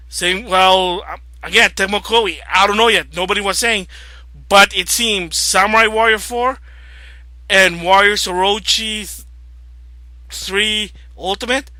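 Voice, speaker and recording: A man vlogging about video games, rambling casually and growing agitated and loud as he rants. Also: high voice, no echo. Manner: rambling, grows agitated and loud when ranting. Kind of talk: casual opinion vlog rant.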